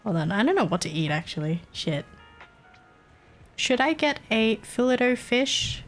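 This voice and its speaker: A woman's voice: lowish voice, big pitch swings, normal speed, soft background music. A woman with an Australian accent, streaming and chatting casually, giggly and swearing freely. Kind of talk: casual livestream chat.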